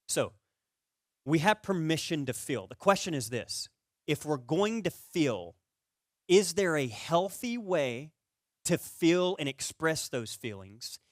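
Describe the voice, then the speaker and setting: Animated pastor, man with a higher voice. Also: dry recording, studio quality. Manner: animated storyteller who gets loud and high-pitched in comic stories. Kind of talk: conversational sermon.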